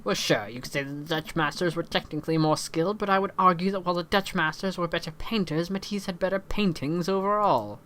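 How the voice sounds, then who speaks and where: A pretentious young art snob, read by a let's play host lectures at length in an ordinary mid-pitched voice. his long-winded tone sits over a faint hiss. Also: quick pace, few pauses, a bit bright, natural voice. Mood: lecturing.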